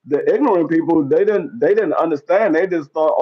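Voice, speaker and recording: A man's voice: a little high, animated, normal speed, few pauses. Blunt co-host man, slightly dull sound. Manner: blunt, matter-of-fact opinions. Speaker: podcast co-host. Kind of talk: casual podcast chat.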